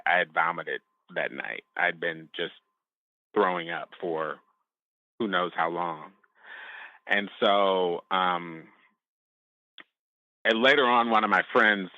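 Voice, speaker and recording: Deep-voiced man, halting and reflective. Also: no room sound, lo-fi sound. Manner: halting and reflective, with frequent restarts. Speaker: podcast guest. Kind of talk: personal testimony in a podcast interview.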